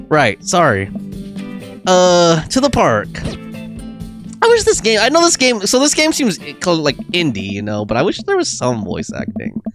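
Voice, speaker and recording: A young man casually commenting on a game during a live stream, laughing often and reading the game's text and viewers' chat aloud. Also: a little high.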